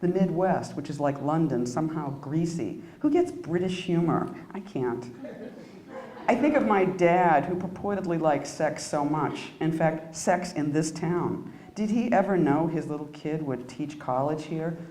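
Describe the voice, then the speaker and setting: A woman with a low voice reads her own poems aloud in an echoey room. Between pieces she stumbles through halting, self-mocking asides. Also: mellow. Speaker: poet giving a reading. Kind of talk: live poetry reading. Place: indoor reading room at an arts center.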